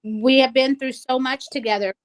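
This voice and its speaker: A woman's voice: high-pitched, fairly even intonation, moderate pace, rough recording. A woman co-hosting a casual talk show, speaking earnestly and tearfully with many restarts. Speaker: co-host. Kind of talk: emotional casual chat.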